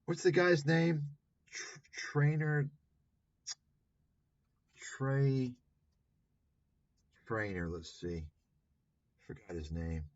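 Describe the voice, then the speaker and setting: Man, livestream host, sweary and sarcastic, mid-pitched, muffled lo-fi audio. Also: sing-song, takes it slowly, long pauses, no echo. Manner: profane, sarcastic, rambling. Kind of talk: livestream commentary.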